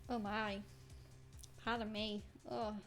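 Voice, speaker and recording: A woman's voice: medium pitch, level tone, slow pace, fairly bright tone, soft background music. Woman playing a flustered chef from a game, apologetic. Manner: apologetic, sprinkles French words.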